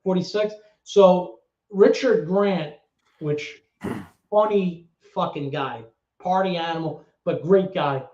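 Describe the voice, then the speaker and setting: A man with a New York accent, a former club DJ telling stories as an interview guest, animated and swearing freely. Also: high voice. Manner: animated, swearing storyteller with quick restarts. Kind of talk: casual storytelling interview. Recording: echoey room, dull lo-fi audio.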